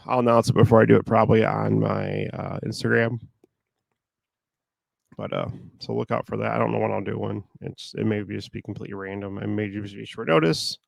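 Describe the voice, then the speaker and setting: A man with a sore throat talking in a monotone, rambling casually while he works through online listings. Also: fairly low pitch, brisk, vocal fry, no echo. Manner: rambling, talks while working on a computer. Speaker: online reseller. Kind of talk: casual talk while working.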